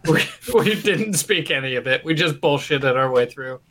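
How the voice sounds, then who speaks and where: A man's voice: mid-range voice, lively intonation, moderate pace, a bit bright. A man co-hosting a podcast, telling a school memory in casual chat with a laid-back manner. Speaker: podcast co-host.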